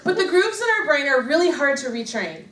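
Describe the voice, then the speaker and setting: A high-pitched woman speaks to a live audience as a motivational speaker, poking fun at herself and laughing often. The sound is roomy and echoey, picked up from a distance, with a faint hum of background noise. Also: big pitch swings, fairly quick, a bit bright. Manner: self-deprecating and humorous, laughing often. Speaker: motivational speaker at a business leadership meeting. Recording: echoey room, mic far off, faint noise.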